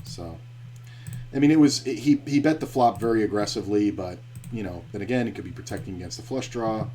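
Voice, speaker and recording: A man's voice: lowish voice, fairly quick, dark tone, slight background noise. A man streaming online poker, talking through his hands in a blunt, profane way as he thinks aloud. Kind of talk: live-stream poker commentary.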